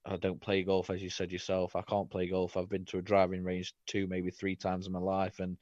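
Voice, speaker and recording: A man co-hosting a sports podcast in casual chat, swearing freely and quick to laugh. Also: low-pitched, completely flat delivery, a little mellow, no echo. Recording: dry, dull lo-fi podcast audio.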